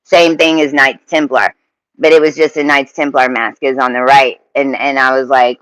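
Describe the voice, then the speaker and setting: A man telling a personal story in a halting, emotional monologue, swearing freely and often restarting his sentences. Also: medium pitch, little pitch movement, fairly bright tone, dry recording, rough recording.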